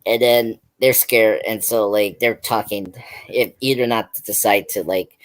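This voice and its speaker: A man with a lowish, steady voice and measured pace hosts a pop culture stream. In casual film review chat, he retells a film's scenes loosely and ramblingly, with lots of "like" and restarts.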